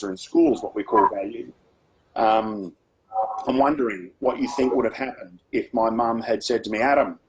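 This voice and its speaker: A man's voice: fairly low pitch, a little mellow, slightly rough, low-quality recording. A man with an Australian accent leading a workshop for teachers, speaking in a conversational, practical way and using personal stories. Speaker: education speaker.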